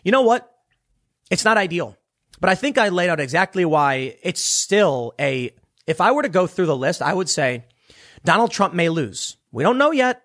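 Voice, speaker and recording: A man's voice: on the high side, animated, moderate pace, a bit bright. A man giving opinionated political commentary, emphatic and sarcastic, often restarting his words.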